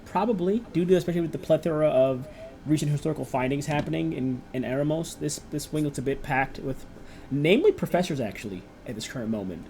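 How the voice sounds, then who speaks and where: A man's voice: on the high side, lively intonation, fast, darkish tone, a little hiss or hum, low-quality recording. A young man acting as game master, rambling through descriptions and encouraging his players. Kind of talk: narrating a tabletop game.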